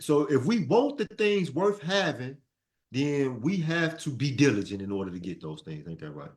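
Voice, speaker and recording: A man leads a Sunday school lesson, preaching with animation and repeating phrases so his class can answer back. His voice sits in the middle range, and he speaks at a moderate pace.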